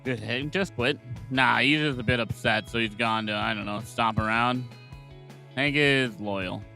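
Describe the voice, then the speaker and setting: A man's voice: medium pitch, unhurried, creaky, sharp tone, soft background music. A man reading game dialogue aloud during a playthrough, shifting between character voices.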